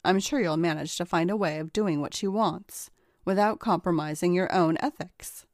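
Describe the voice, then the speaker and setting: A woman's voice: fairly low pitch, moderate pace, a little mellow, dry recording, close to an everyday voice. A woman voicing a busy male judge who is firm but kindly, reading in a dry, close studio sound. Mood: brisk, firm.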